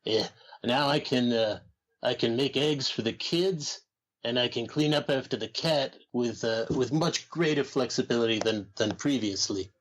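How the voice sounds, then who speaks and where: A man doing an impression of an old, rambling male wrestling trainer who talks slowly and haltingly. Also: medium pitch, pitched below the performer's own voice, close to an everyday voice. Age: older. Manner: slow, halting, full of uh's. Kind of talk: comedy podcast impression.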